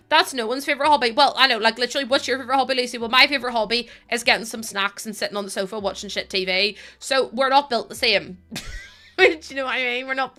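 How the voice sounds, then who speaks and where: A woman's voice: fairly high pitch, sharp tone. A young woman streaming a building game, chatting casually with her viewers, laughing and swearing as she goes. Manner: chatty, swears, laughs a lot, talks to chat. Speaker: Twitch streamer. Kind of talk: casual chat while gaming.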